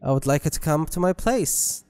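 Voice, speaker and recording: A man's voice: on the high side, animated, normal speed, a little mellow, clear, resonant tone. A man commentating on gameplay, joking and rambling with self-mocking asides. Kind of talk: let's play commentary. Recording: long reverb with game music.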